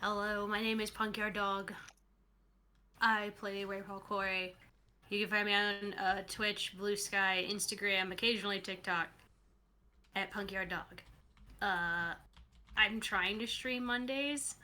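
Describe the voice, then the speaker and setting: A woman player runs through her introduction in a hesitant, offhand way. Her voice is bright and sits in a middle range, and she sounds somewhat distant from the mic. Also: medium pitch, steady tone, measured pace. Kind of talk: casual stream outro.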